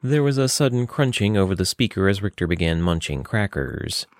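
Steady low-voiced male narrator. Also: no room sound. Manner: steady, measured reading. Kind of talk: fantasy audiobook narration.

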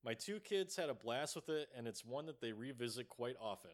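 A male podcast co-host chatting about a film in a loose, casual way. He gets animated, laughs easily and drops swear words without a second thought. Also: mid-range voice, fairly quick. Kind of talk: casual movie-review chat.

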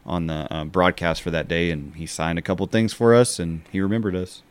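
A man's voice: deep voice, steady tone, brisk, clear, resonant tone. A man co-hosting a podcast, telling a long story in casual chat, with many fillers. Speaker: podcast co-host.

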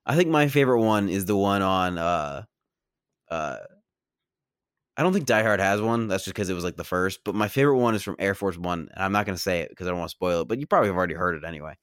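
A man co-hosting a casual movie review podcast, animated and profane, yelling now and then. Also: deep voice, quick pace, clean tone, no room sound, studio quality. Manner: animated, swears a lot, yells in excited bursts. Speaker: podcast co-host.

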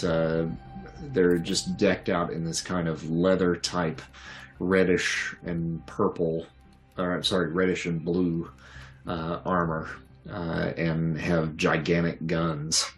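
A man running a tabletop game as game master, narrating scenes in an easygoing way with frequent filler sounds. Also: sits low.

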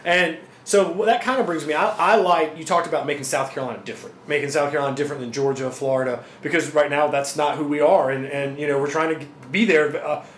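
A talkative man hosts a laid-back sports chat, agreeing often and talking in loose runs of thought. His voice sits a bit high for a man and carries an echoey room sound over a faint hiss. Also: steady tone, fast talker, few pauses, fairly bright tone. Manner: talkative, agreeable, frequent fillers. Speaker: podcast host. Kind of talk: casual sports interview.

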